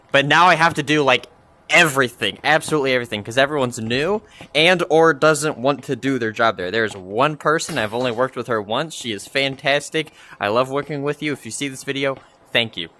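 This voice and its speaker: A young gaming vlogger rambles and complains about his job in a casual vlog, full of fillers, speaking into a VR headset mic. His voice is medium-pitched and sharp, with a little hiss or hum.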